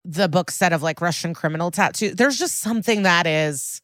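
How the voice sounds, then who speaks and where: A woman's voice: on the low side, normal speed, fairly bright tone, no room sound, studio quality. A woman co-hosting a podcast in casual chat, talkative and self-deprecating, often trailing off mid-sentence. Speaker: podcast co-host.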